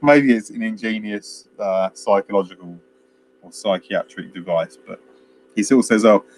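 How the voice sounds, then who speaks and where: A man's voice: fairly low pitch, normal speed, slight background noise. A man, chatting casually as a podcast co-host and retelling film scenes at length with many fillers. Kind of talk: casual film review chat.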